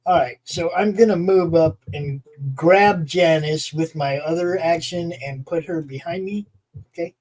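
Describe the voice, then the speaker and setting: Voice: medium pitch, measured pace, a little mellow, poor audio. A tabletop game player eagerly describing moves and urging the others on. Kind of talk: casual tabletop game play.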